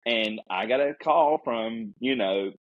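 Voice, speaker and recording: A man telling a story casually as a podcast guest, animated and acting out the people he quotes. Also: mid-range voice, slow pace, dry recording, lo-fi sound.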